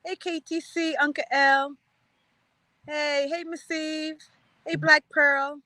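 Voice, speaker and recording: Slow-talking, playful woman livestream host. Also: high-pitched, little pitch movement, pushed and bright, dry recording. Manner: chatty, loose and playful, greeting viewers by name; laughs often. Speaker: live stream host. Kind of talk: casual chat greeting viewers.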